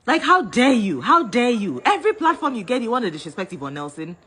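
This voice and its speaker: A woman's voice: a little high, very animated, fast, fairly bright tone, a little hiss or hum. A Ghanaian woman in a heated rant, scolding and repeating herself as she switches between English and Twi. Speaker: vlogger.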